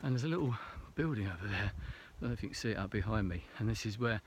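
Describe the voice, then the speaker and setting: A man's voice: fairly low pitch, lively intonation, fast talker, slight background noise. A man talking casually to a camera while hiking a snowy mountain trail, a little out of breath, rambling and hesitant with many fillers. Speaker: vlogger.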